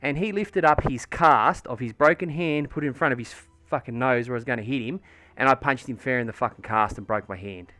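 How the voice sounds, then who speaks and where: Aussie guy rambling and swearing while he paints minis on stream, bright punchy voice, dry close sound. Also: mid-range voice, a little fast, few pauses, no room sound, faint music behind. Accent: Australian. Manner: rambling, sweary storytelling with lots of fillers. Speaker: livestreamer painting miniatures.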